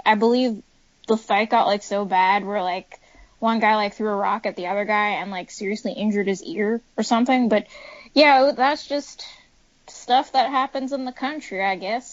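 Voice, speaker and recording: A woman's voice: mid-range voice, dry recording. A woman on a podcast retelling a news story in a rambling way, full of fillers, on dry, dull lo-fi audio. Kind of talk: casual chat.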